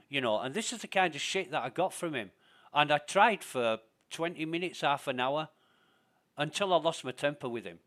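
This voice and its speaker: A man's voice: a little high, animated, moderate pace, a bit bright. A man chatting while streaming a game, blunt and venting with heavy swearing. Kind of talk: casual gaming chat.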